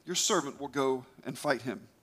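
A man's voice: medium pitch, normal speed, fairly bright tone, lightly acted. A man voicing an eager young shepherd boy who speaks with bold confidence before a king and a giant. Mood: confident.

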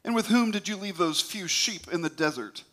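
A man's voice: sits high, moderate pace, bright, forceful tone, voice pushed up. A man voicing a jealous, angry older brother who barks and scolds. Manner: barking, scolding.

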